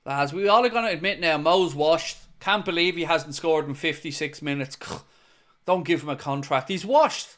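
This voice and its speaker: A man's voice: a little high, moderate pace, a bit bright. A man hosting a live football watchalong, mixing play-by-play with joking chat to his viewers. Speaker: host.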